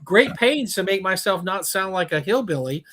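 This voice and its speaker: Brief: Texan male co-host, lively pitch swings, slightly high, emphatic anecdotes. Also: normal speed. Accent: Texas. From Texas. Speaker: podcast co-host. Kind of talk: casual chat.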